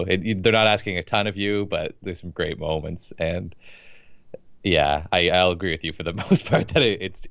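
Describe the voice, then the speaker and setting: A man co-hosting a casual film review chat, speaking in a measured, hesitant way with many fillers. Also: deep voice, no room sound, dull audio. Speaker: podcast co-host.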